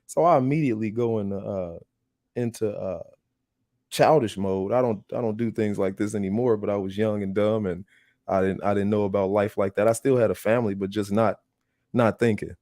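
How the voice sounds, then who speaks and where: Laughing, storytelling man with a mellow voice. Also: lowish voice, brisk, no echo, studio quality. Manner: animated, laughs often, acts out quoted voices. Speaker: podcast host. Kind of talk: casual storytelling.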